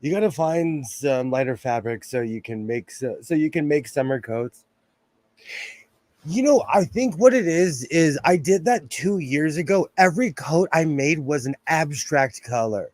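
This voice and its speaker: A man's voice: fairly high pitch, animated, unhurried, a little mellow, dry recording. A young adult man chatting casually on a livestream from his home sewing room, rambling through asides and laughing often. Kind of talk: casual live-stream chat. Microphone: phone close by.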